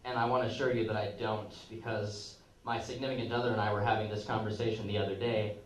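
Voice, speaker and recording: A man's voice: lowish voice, little pitch movement, fast. Young man doing crude stand-up in an echoey club. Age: young adult. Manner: crude, rambling, self-mocking delivery with asides. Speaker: stand-up comedian. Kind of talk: open-mic stand-up set. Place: comedy club stage. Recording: echoey room, picked up from a distance.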